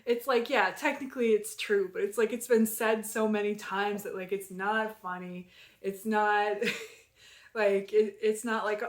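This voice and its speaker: A woman's voice: mid-range voice, a little slow. A young woman from Minnesota chatting casually to camera in a vlog, rambling with lots of "like" and sometimes dropping to a mutter. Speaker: vlogger.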